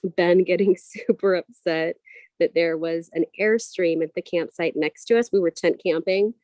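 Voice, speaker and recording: Chatty mom telling stories. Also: female voice, fairly low pitch, fairly even intonation, warm tone, no room sound. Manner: chatty storytelling, quick asides. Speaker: co-host. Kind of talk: casual livestream chat.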